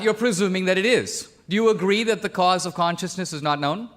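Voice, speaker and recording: A man from India debating on stage, his voice sitting a little high. He argues in a pressing, methodical way, stacking question on question. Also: fairly quick, a bit bright. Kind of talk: public debate.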